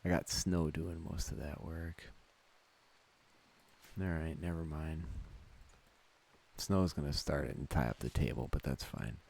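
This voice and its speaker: A man's voice: a bass voice, a little slow, gravelly, pauses often, a little mellow, slight background noise. A man from Wisconsin giving casual gameplay commentary, thinking aloud and chuckling often. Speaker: let's play gamer.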